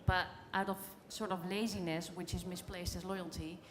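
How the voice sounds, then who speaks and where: A woman panelist with a fairly low voice, speaking on a conference stage. She argues her point in a measured, plain way. A long reverb from the big hall trails behind her words. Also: fairly even intonation.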